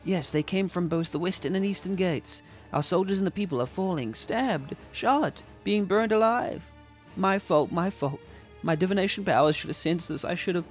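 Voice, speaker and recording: A man's voice: high-pitched, normal speed, soft background music, pitched above the performer's own voice, close to an everyday voice. A man voicing a panicked, guilt-ridden older male court seer who stammers.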